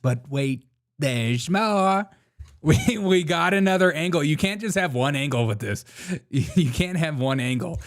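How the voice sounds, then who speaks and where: A man's voice: fairly high pitch, animated, unhurried. A man hosting a show, chatting casually and mockingly as he reacts to video clips, laughing often. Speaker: show host.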